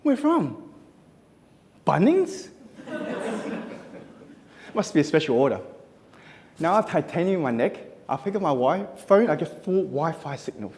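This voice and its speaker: A man delivers a humorous speech from a conference stage. His punchy, self-mocking lines bounce all over his pitch range. His voice rings through a large echoey hall. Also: expressive, a little fast, darkish tone, slight background noise. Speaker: contest speaker.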